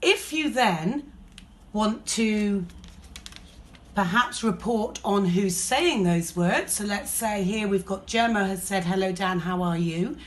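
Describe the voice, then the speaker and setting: A woman's voice: medium pitch, expressive, slow pace. A woman teacher with an English accent, explaining a lesson patiently step by step. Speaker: primary school teacher.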